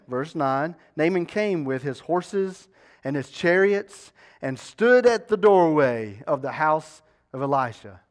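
A man preaching a sermon, retelling a scripture story and often turning to the congregation with rhetorical questions. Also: mid-range voice.

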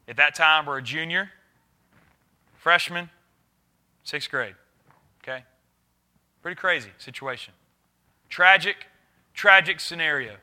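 A youth pastor preaches to his congregation. His voice sits a little high and rings very bright. He moves from loud urging to hushed, intense asides. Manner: earnest preaching, swings between loud urging and quiet intensity. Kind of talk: sermon.

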